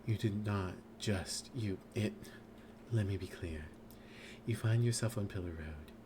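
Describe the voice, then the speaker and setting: A man voicing a gruff male inner voice that lectures the player in a low, exasperated tone. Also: a little slow, background noise, lightly acted. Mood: scolding.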